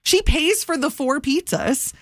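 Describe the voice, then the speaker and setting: A woman co-host spins a story in loose, casual chat, and her pitch swings widely as she gets into it. She leans on "like" and acts out each exchange. The recording is dry and close. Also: unhurried, no room sound. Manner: animated, lots of "like", acts out quotes. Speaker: podcast co-host.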